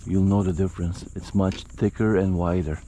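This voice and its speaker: Heavy background noise surrounds this middle-aged fishing vlogger as he talks at normal speed from a kayak on a shallow lagoon. His low voice barely moves in pitch while he gives casual, frustrated, chatty commentary directly to his viewers.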